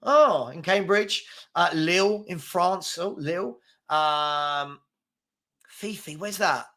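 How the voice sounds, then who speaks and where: A young man with a London accent hosting a live football chat, chatty and quick, reading out viewers' comments and places. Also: high-pitched, sharp tone. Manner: fast-talking, chatty, reads out names and places.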